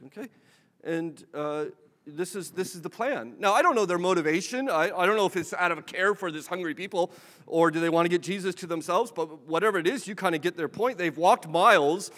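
A male preacher delivers a sermon in an easy, conversational way, with gentle humor and little acted-out exchanges. His voice sits a touch high for a man. The sound carries a long reverb, as in a church hall. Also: a little fast. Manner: conversational, humorous, acts out dialogue.

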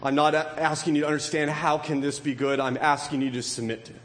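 A man with a high voice preaches a sermon, his words trailing off into the long reverb of a large hall. He keeps turning to his congregation with rhetorical questions. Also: steady tone, fast. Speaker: pastor.

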